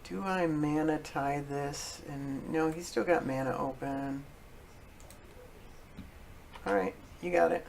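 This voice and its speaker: A man streaming a card game, talking casually to himself as he plays, halting often with fillers and self-corrections. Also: a little high, steady tone, creaky, a little hiss or hum. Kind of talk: casual thinking-aloud commentary.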